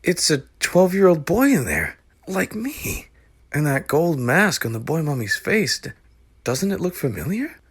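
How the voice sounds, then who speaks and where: A man voicing a curious twelve-year-old boy who chatters quickly and eagerly. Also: a little high, wildly swooping pitch, breathy edge, voice pushed up, heavily acted.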